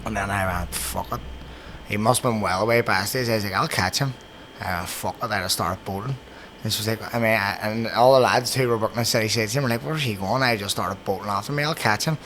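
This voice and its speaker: Man, Belfast accent, podcast host, rapid talker, swears a lot, faint ambience. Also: lowish voice, a little hiss or hum. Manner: swears constantly, animated anecdotes. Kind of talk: casual storytelling chat.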